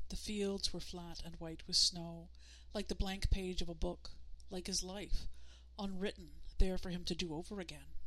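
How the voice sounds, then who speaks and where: A woman narrating a novel in a steady, measured storytelling manner. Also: fairly low pitch. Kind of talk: audiobook narration.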